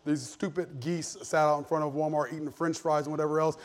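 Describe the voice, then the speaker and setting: A man in his thirties preaching a sermon in a church, shifting from loud emphasis to hushed personal storytelling. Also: on the high side, fairly even intonation, fairly quick, hardly any pauses. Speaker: pastor. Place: church sanctuary.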